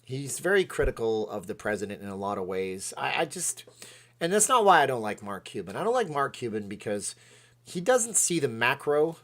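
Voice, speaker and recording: A man hosts a casual livestream in an ordinary mid-range voice. He talks in a rambling, excitable way, jumping between points and reading out viewers' comments as he goes. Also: medium pitch, moderate pace. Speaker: livestream host. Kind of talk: casual chat.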